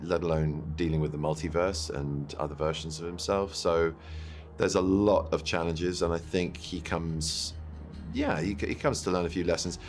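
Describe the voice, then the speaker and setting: Man with a very deep voice. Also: faint music behind. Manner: articulate, measured, thoughtful. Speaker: actor. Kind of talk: press junket interview.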